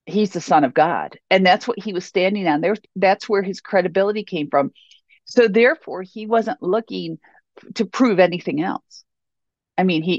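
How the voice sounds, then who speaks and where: A woman's voice: mid-range voice, no room sound, muffled recording. Emphatic woman teaching a sermon. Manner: emphatic and repetitive. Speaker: Bible teacher.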